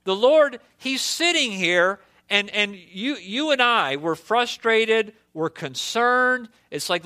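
Bright, high-voiced impassioned male preacher. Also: expressive, takes it slowly, hardly any pauses. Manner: impassioned, rhetorical questions. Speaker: pastor. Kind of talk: sermon.

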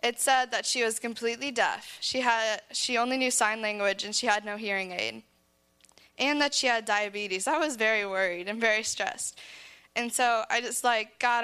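Bright, clear-voiced teenage girl. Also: fairly high pitch. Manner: earnest, says "like" often, laughs between phrases. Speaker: speaker sharing a camp testimony. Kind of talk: personal testimony to a church audience.

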